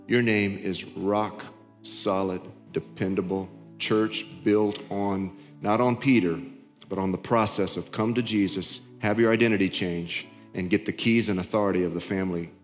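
A man's voice: sits low, fairly even intonation, moderate pace, soft background music. Middle-aged man preaching in an echoing church. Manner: conversational, confessional storytelling with frequent restarts. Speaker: pastor. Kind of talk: sermon.

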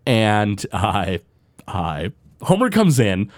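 A man's voice: fairly low pitch, very animated, extremely slow, no room sound, studio quality. A man co-hosting a podcast, casually recapping a cartoon episode and slipping into playful voices as he retells scenes. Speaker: podcast co-host.

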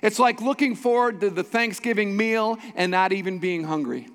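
A man with a high-pitched voice preaching a sermon in a church. He is a pastor who drives his points home by repeating short phrases with emphasis. His voice rings out with a long reverb off the hall. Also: moderate pace, fairly bright tone, smooth. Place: church sanctuary.

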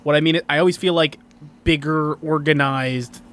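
A man's voice: fairly high pitch, fairly even intonation, moderate pace, a bit bright. Male co-host, blunt and sweary, lots of "like", slight background hiss. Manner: blunt, swearing, filler-heavy. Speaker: podcast co-host. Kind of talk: casual podcast chat.

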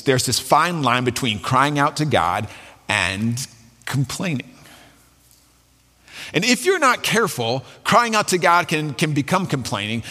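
Conversational preacher in a reverberant hall. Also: male voice, on the high side, sharp tone. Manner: conversational, restarts, colloquial asides. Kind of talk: sermon.

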